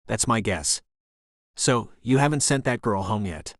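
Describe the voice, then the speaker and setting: A man's voice: fairly low pitch, animated, unhurried, no echo, clean studio sound. A man voicing a suspicious, paranoid male hacker partner in an audiobook, speaking in curt, accusing bursts. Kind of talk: audiobook character voice.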